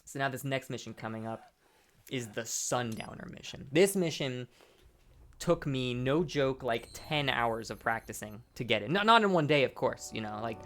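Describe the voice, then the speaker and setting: A man's voice: mid-range voice, lively intonation, normal speed, a bit bright, slight background noise. A tipsy young man rambling and swearing as he commentates his own gameplay. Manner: rambling, heavy swearing, frequent restarts.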